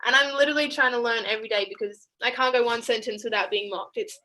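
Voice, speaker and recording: Young aussie woman on a video call, bright forceful voice, chatty, laughs a lot. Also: a little high, quick pace, rough recording. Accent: Australian. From Australia. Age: young adult. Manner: chatty, laughs often between sentences. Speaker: college basketball player. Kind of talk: casual interview over video call.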